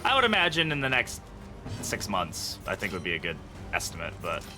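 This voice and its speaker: A man's voice: lowish voice, wildly swooping pitch, fairly quick, over music. A man from the UK giving casual, chatty gameplay commentary while streaming, thinking aloud and chuckling often. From United Kingdom.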